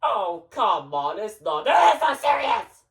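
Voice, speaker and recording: A performer playing a defensive shop worker, exasperated, lively pitch, slow talk. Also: creaky, far from the mic, heavily acted. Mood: flustered.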